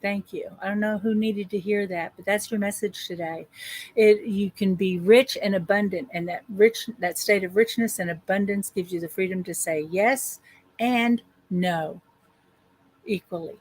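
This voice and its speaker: A woman life coach leading a guided affirmation session on a group call, speaking slow, drawn-out affirmations with repeated phrases. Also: medium pitch, dry recording.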